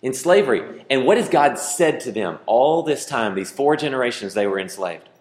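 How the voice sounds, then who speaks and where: A man preaching a sermon as pastor, animated and playful, with joking asides to his congregation. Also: mid-range voice, normal speed, roomy sound.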